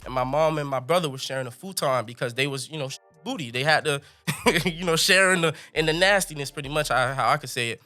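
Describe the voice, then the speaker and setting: A young man telling a funny story as a podcast guest, animated and laughing, with colorful slang. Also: fairly high pitch, fast talker, soft background music. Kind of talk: comic storytelling.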